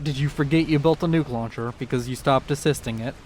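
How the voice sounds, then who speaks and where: A man's voice: a little high, brisk, hardly any pauses, a little hiss or hum. A man casting a strategy game in a rambling, jokey way, talking straight to the players. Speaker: game caster.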